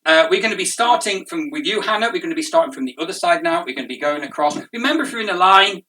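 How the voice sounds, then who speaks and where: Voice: mid-range voice, animated, fast. A host on a video call telling a group what to do before bringing on the next act. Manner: directing a group, then shouting an introduction. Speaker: comedy show host. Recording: distant mic with music behind.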